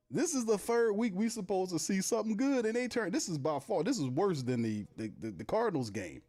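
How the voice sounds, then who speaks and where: A man's voice: high voice, brisk, hardly any pauses. A man hosting a live football watch party, calling plays, reading chat messages and laughing in disbelief. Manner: animated, laughing, reads chat aloud, play-by-play. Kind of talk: casual live game commentary.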